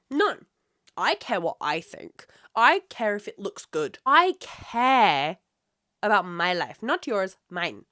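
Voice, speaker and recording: A woman's voice: medium pitch, fairly bright tone. A woman hosting her own podcast, ranting with heavy swearing and rambling off track in a solo monologue. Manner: rambling, loses her train of thought. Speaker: podcast host.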